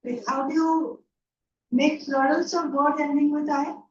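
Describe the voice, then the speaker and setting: Slightly slow and a little mellow, her high voice keeps fairly even intonation as she teaches English grammar in an online class from a room. She patiently asks "yeah?" and "right?" often, and the roomy, distant, dull audio carries a little hiss or hum.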